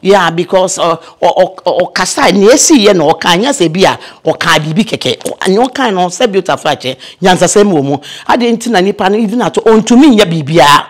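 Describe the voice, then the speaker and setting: Older actress, lively storyteller, chatty guest on an interview. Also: female voice, lowish voice, fairly quick, hardly any pauses. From Ghana. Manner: lively storyteller, mixes in English phrases. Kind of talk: casual interview, reminiscing.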